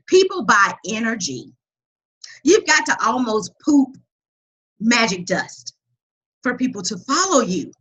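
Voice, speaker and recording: Bright husky woman hosting a webinar. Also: fairly high pitch, measured pace, pauses often, rough recording. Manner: energetic, loud, reads out chat comments. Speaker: webinar host and coach. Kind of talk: live webinar teaching.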